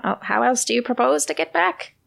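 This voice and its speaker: A woman's voice: a little high, lively intonation, fairly quick, gravelly, fairly bright tone, pitched above the performer's own voice, full character voice. A woman playing a fussy, cryptic old female hermit who lives in a hut.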